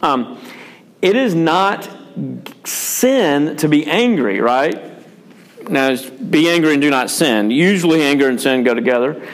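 A man's voice: a little high, animated, measured pace. A man, a pastor and father, talking about parenting in a frank, rambling, self-deprecating way, with many fillers and restarts. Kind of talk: casual pastoral chat on parenting.

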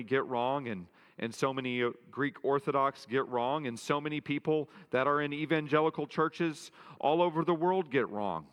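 A man delivers an earnest sermon as a pastor, leaning on emphatic repetition to drive his points home. His mid-pitched voice rings out with a long hall reverb trailing behind each phrase. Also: fairly bright tone.

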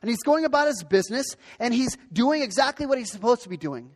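Pastor guy preaching, pretty high voice, says things twice for emphasis, church echo. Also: big pitch swings, fast talker. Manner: earnest, repetitive and emphatic. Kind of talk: sermon. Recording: long hall reverb.

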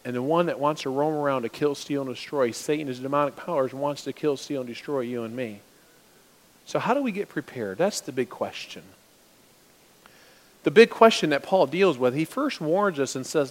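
A man preaching a sermon as pastor, swinging between loud urgent stretches and hushed asides. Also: medium pitch, lively intonation, normal speed, big-room sound. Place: church sanctuary.

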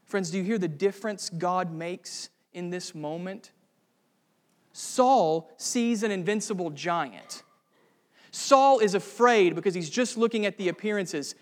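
Male pastor with a high voice, earnest sermon delivery that rises to fervent emphasis, long hall reverb. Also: expressive, measured pace.

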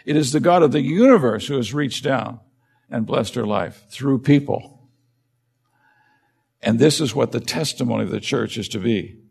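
A man's voice: medium pitch, moderate pace, vocal fry, long pauses, darkish tone, husky. A man preaching a sermon as pastor, emphatic and firing rhetorical questions at his listeners. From United States.

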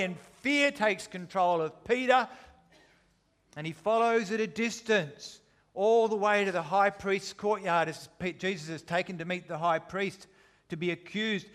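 A man preaching a sermon, retelling a story with dramatic, shifting intensity. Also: high-pitched. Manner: dramatic, shifting between loud and hushed.

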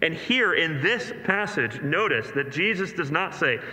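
A man's voice: on the high side, expressive, a little slow, sharp tone. A male pastor preaching an earnest, emphatic sermon to a congregation in a church, with rhetorical questions. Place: large church sanctuary. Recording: echoey hall reverb.

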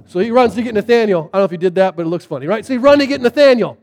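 A man's voice: high voice, expressive, racing, a little mellow, big-room sound. A man preaching a sermon, telling the story casually and animatedly, with plenty of fillers. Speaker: pastor.

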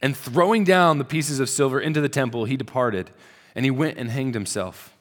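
Casual-talking male preacher in a big reverberant hall. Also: brisk. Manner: conversational storytelling, drops to a soft low voice at solemn moments. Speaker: pastor. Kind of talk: sermon.

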